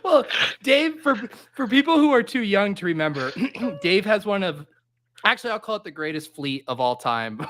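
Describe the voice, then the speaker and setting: A man hosting a casual livestream chat, excitable and laughing often. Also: high-pitched. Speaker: host.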